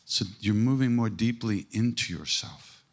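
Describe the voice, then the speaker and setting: A man's voice: fairly low pitch, a little slow. An older man giving a casual spiritual talk as a podcast host, emphatic and irreverent, with blunt swearing and self-mocking jokes.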